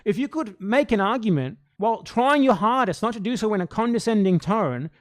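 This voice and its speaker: Exasperated, argumentative high-voiced man. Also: expressive, brisk. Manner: exasperated, argumentative, swears often. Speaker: commentary channel host. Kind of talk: reaction commentary.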